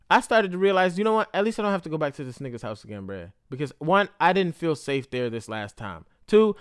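A man's voice: a little high, a bit bright, clean tone, dry recording, clean studio sound. A man telling a personal story in a candid, rambling, emotional monologue full of profanity.

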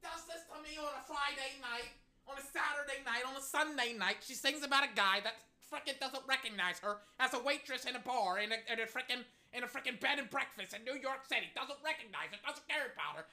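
Bright, excitable ranting reaction host. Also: high voice, brisk. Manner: excitable, profane, yelling insults. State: voice getting strained.

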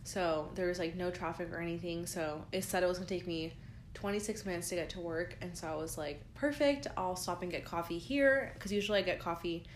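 A woman's voice: on the low side, steady tone, quick pace, slight background noise. A young woman co-hosting a podcast, telling stories in a casual, chatty way full of fillers, sounding tired. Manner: chatty storytelling with many likes and ums. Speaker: podcast co-host. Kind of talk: casual chat. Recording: roomy echo.

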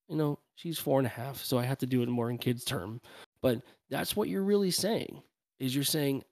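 Gravelly-voiced man on a podcast. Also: medium pitch, moderate pace, no room sound, studio quality. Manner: warm, self-deprecating, playful. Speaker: podcast co-host. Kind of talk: casual parenting podcast chat.

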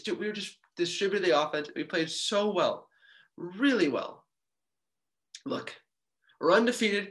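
A man with a bright, fairly high voice recaps a game in a casual sports podcast. He talks like an excitable fan, with jokey asides and quick bursts of speed. He sounds close to the mic.

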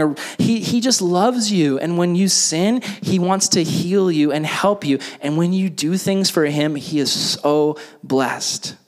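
A young man preaching a youth sermon in a casual style, full of fillers like "like", and then leading a closing prayer. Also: on the high side. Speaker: youth pastor.

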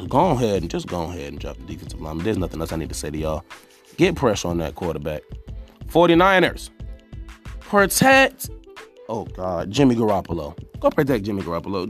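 A young man hosting a casual solo sports podcast, rambling and talking straight to teams as "y'all" with lots of restarts. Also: fairly low pitch. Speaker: podcast host.

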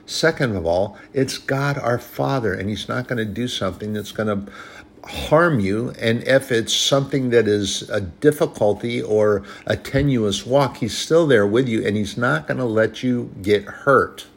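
A man's voice: mid-range voice, a little slow, gravelly. A man preaching a sermon in an earnest, conversational way, often restarting his sentences.

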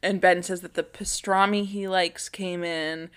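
A woman co-hosting a casual podcast, retelling a TV episode scene by scene. She slips into quick quotes of the characters' lines as she narrates. Her voice sits on the low side. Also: steady tone, a bit bright, clear, resonant tone. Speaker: podcast co-host. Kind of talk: casual chat recapping a TV show.

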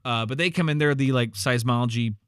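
In a loose, filler-heavy movie recap, this male co-host keeps restarting his thoughts and quotes the characters in their own voices. He talks a little fast in a mid-range voice that's a bit bright, clear, and resonant, recorded in studio quality without echo.

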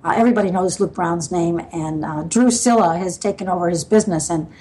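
A woman's voice: fairly low pitch, fairly quick, mellow, slight background noise, low-quality recording. An older woman from the US Midwest, a podcast guest telling stories in a loose, rambling way, with frequent laughs and fillers. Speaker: guest sailor. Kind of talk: storytelling in a casual interview.

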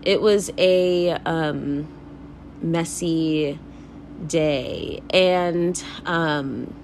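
A woman's voice: low-pitched, extremely slow, a little mellow, a little hiss or hum. A young woman hosting a casual solo podcast, talking candidly in a rambling way, full of fillers, swearing and laughter. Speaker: podcast host.

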